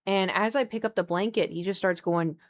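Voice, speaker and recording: A young woman streaming from home at her desk mic, telling a long story in a chatty, animated way and breaking off to talk to her cat. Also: mid-range voice, a little fast. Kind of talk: casual storytelling to live chat. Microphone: desk microphone.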